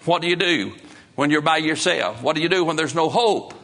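An impassioned male preacher delivers a sermon in a bright, ringing tone. His pitch sits a little above the usual, and his folksy phrasing carries him from hushed lows up to soaring peaks. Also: lively intonation, fairly quick. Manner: folksy grammar. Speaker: pastor.

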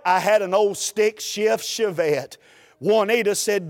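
A man, a preacher telling a humorous story in a folksy, animated way during a sermon. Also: high-pitched, slow pace, long reverb tail.

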